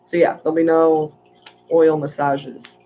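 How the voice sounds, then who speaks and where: A woman's voice: low-pitched, flat delivery, measured pace, dark tone, dull audio, a little hiss or hum. A woman hosting a casual livestream, chatting in a rambling way and reading viewer comments aloud. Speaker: aquarium channel host.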